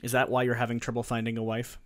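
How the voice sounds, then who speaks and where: A man's voice: mid-range voice, completely flat delivery, fast, fairly bright tone, dry recording. Man, teasing banter, mid voice, dry close sound. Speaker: game player. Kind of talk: casual chat while playing a board game.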